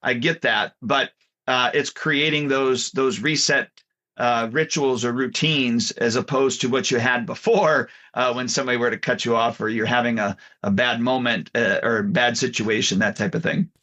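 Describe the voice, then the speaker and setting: Bright-voiced rambling male co-host. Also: mid-range voice, normal speed, highs cut off. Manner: rambling storyteller, self-correcting. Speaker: podcast co-host, martial arts instructor. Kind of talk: casual chat.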